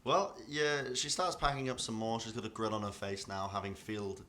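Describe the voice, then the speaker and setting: A man narrates a tabletop game as its dungeon master in a low, easygoing voice. He rambles and fills pauses with "um" and "uh" as he describes the scene. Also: slight background noise. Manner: rambling, filler-heavy, relaxed.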